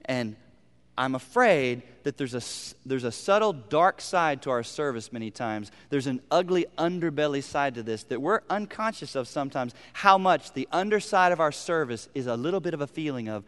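A male pastor preaching a sermon, moving from loud emphasis to hushed, almost whispered lines. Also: fairly high pitch, lively intonation, moderate pace, clear, resonant tone, long reverb tail.

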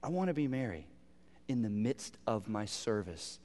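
A male pastor preaching a sermon, moving from loud emphasis to hushed, almost whispered lines. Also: fairly low pitch, sing-song, normal speed, in a large hall.

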